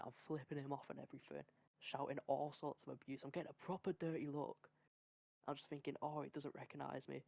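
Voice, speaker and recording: Gravelly-voiced young Englishman. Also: medium pitch, brisk, dry recording. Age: young adult. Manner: energetic, rambling, swears freely. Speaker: podcast host. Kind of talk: casual storytelling among friends.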